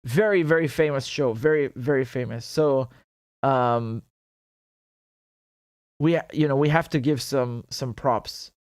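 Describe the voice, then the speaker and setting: A man's voice: medium pitch, unhurried, long pauses, a little mellow, no echo, clean studio sound. A man hosting a casual livestream, talking loosely, laughing often and breaking into Arabic phrases. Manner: chatty, laughs often, mixes Arabic and English. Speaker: show host.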